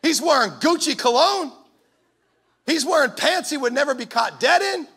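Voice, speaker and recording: High, gravelly, bright-voiced preacher man. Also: lively intonation, moderate pace. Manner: impassioned, punchy preaching. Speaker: pastor. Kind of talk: sermon.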